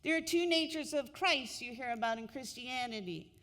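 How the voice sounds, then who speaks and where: A middle-aged woman minister giving a sermon in a slow, reflective way, repeating key phrases. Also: high voice, a bit bright. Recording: long hall reverb.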